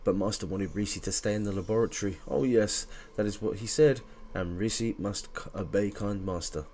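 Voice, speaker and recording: A man's voice: on the low side, a little fast, darkish tone, slight background noise, natural voice. A man voicing a small, childlike female guardian creature who talks about herself by name in broken grammar. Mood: worried.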